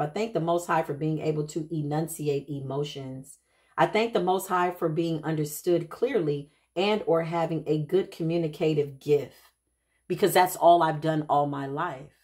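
A woman giving a casual spiritual reading, telling stories in an animated, chatty way and calling her listeners child and honey. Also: low voice. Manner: quick asides and restarts, laughs at herself. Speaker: intuitive spiritual reader.

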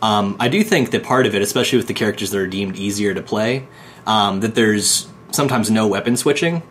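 Male podcast host, low voice, measured and thoughtful, faint background noise. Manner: measured, thoughtful, filler-heavy. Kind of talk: casual podcast chat.

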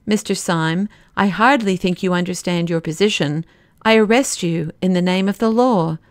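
A woman's voice: fairly low pitch, moderate pace, no room sound, natural voice. A woman voicing a stiff, officious male police detective in an audiobook, speaking formally.

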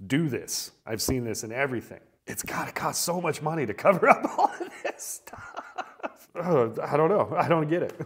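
A man's voice: mid-range voice, big pitch swings, moderate pace, slight background noise. A man hosting a casual reaction video, talking loosely about what he watches, swearing freely and laughing often. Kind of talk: casual unedited TV reaction commentary.

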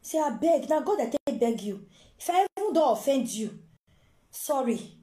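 A woman's voice: high voice, sing-song, normal speed, mellow, roomy sound. A woman with a Nigerian Pidgin accent voicing a desperate woman who begs tearfully for her children. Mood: pleading. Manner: pleading, tearful.

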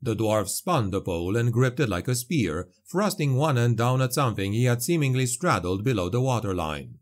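A man reading a dark fantasy story aloud as an audiobook narrator, measured and vivid. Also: medium pitch, big pitch swings.

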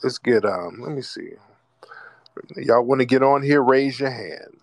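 A man's voice: medium pitch, measured pace, creaky, a little mellow, no room sound. An American man hosting a call-in radio show, mocking and trash-talking his callers. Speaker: radio host.

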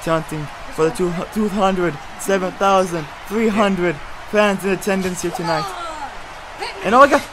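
A commentator calling a hobby wrestling match with excited play-by-play, jumping between hushed remarks and shouted exclamations and throwing in joking asides. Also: medium pitch, moderate pace, a crowd in the background, background noise. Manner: jokey, self-correcting asides.

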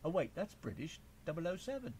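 A man's voice: fairly high pitch, big pitch swings, fairly quick, darkish tone, slight background noise. An American man co-hosting a casual radio show, joking, swearing freely and hamming up a mock British voice.

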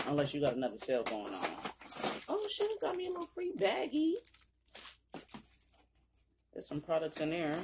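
Young woman doing a makeup haul vlog, slangy, cursing a lot, chatty to the camera, bit of faint hiss in the background. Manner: slangy, profane, talks straight to viewers; animated, with sudden high exclamations. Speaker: beauty vlogger. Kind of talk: casual makeup haul chat.

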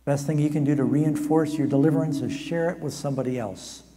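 A man preaching a storytelling sermon at a camp meeting, animated and humorous with quick asides, in a large hall. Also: fairly high pitch, husky. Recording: long reverb of a large hall.

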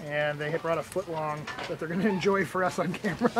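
A man's voice: on the high side, normal speed. A man hosting a casual vlog from a flea market booth, joking and laughing often. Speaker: vlogger host. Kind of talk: casual chat. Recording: noisy crowded flea market. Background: busy crowd and music.

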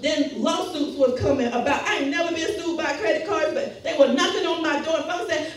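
A woman preacher delivers a fervent sermon, exhorting, laughing and working the call-and-response. Her voice sits very high and sounds distant from the mic, ringing through a heavily echoing church hall with the congregation audible around her. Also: steady tone, fairly quick, few pauses, slight background noise. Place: church sanctuary.

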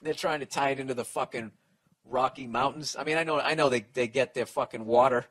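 A man's voice: mid-range voice, brisk, fairly bright tone, low-quality recording. A man hosting a podcast, giving blunt, profane advice in a sarcastic rant.

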